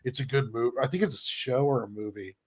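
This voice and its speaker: A man with a middle-pitched voice chats easily on a podcast, pausing on fillers as he talks about his comic lettering work. He sounds relaxed and unhurried. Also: husky. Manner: easygoing, many uh fillers. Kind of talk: casual chat.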